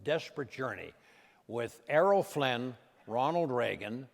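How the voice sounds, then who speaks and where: An older man, a comedian and impressionist, telling anecdotes to a live audience in a punchy, animated way. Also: mid-range voice, measured pace, gravelly. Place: large event hall. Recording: long hall reverb.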